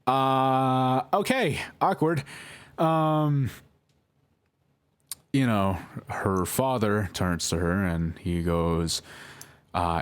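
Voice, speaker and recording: A man's voice: mid-range voice, drawn-out words, pauses often, clean tone, no echo. A young man telling a personal story in a rambling, apologetic way, full of fillers and restarts. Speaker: vlogger. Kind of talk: casual storytelling.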